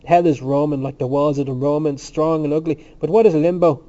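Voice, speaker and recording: Loud, mellow-toned brash young student, scornful and argumentative, read by a man. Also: fairly high pitch, fairly even intonation, close to an everyday voice. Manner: provocative, loud and quick to argue. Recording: muffled lo-fi recording.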